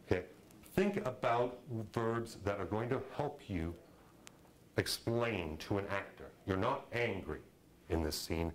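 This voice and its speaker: Middle-aged guy teaching film directing, kinda low voice, chatty and animated. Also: a little slow, slight background noise, poor audio. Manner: animated, conversational, acts out quotes. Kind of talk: lecture to a class.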